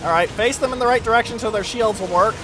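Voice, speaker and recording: A man giving casual, excitable commentary over his own gameplay, swearing freely and breaking into silly sing-song chants. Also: sits high, quick pace. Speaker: video game let's play host. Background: game music.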